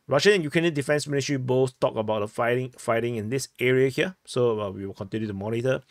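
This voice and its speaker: A man's voice: mid-range voice, quick pace, no room sound, clean studio sound. A man hosting a war situation briefing over a map, often correcting himself mid-sentence and playfully trying out put-on accents. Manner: hesitant, many self-corrections. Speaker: host and war analyst.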